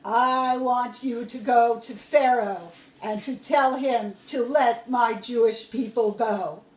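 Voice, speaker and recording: A woman's voice: a little high, steady tone, unhurried, a little mellow, echoey room, close to an everyday voice, poor audio. A woman voicing God speaking from a burning bush, solemn and commanding, in a storytelling reading.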